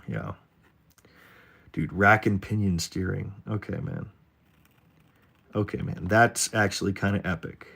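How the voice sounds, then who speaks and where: A man's voice: lowish voice, gravelly. A man streaming live while he draws, rambling in a jokey way and talking straight to his chat. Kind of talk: casual livestream chat while drawing.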